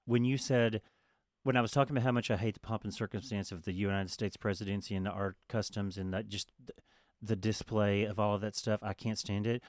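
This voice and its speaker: A man co-hosting a talk show, chatting in a relaxed, agreeable way and swearing casually. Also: fairly low pitch, brisk, dry recording, clean studio sound. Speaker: podcast co-host. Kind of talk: casual chat.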